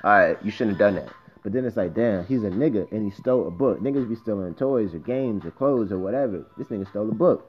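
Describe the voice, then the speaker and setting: A young man from Miami hosting a podcast, telling stories in a loose, profane, slangy way with animated asides, recorded on a phone. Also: on the low side, quick pace, husky, highs cut off. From Miami, Florida, US. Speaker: podcast host. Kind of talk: casual storytelling monologue.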